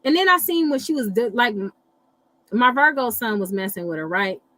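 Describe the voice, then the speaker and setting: A middle-aged woman hosting a casual live chat, animated and blunt, swearing freely and reacting to viewer comments. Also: fairly high pitch, normal speed, rough recording. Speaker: livestream host reading astrology.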